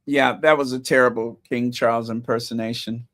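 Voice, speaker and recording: A man hosts a casual commentary vlog, reading headlines aloud and adding sarcastic asides and chuckles. His medium-pitched, slightly bright voice is a bit scratchy, with a steady tone at normal speed.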